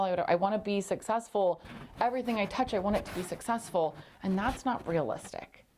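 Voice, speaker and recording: A woman's voice: mid-range voice, mellow, slight background noise. A woman hosting a motivational solo podcast, talking emphatically and repeating phrases for punch. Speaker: podcast host.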